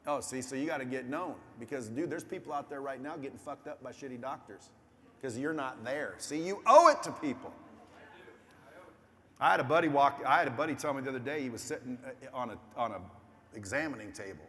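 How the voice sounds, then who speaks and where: A guest entrepreneur with a mid-range, fairly bright voice speaks a little fast during an interview. Talking straight to viewers, he offers casual, blunt, profane business advice; the room echoes and there's faint background noise.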